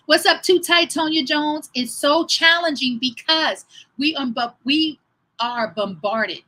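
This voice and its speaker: A woman in her fifties, a fitness trainer hosting a livestream, telling a story in a chatty, animated way and talking straight to her viewers. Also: a little high, slightly rough, low-quality recording.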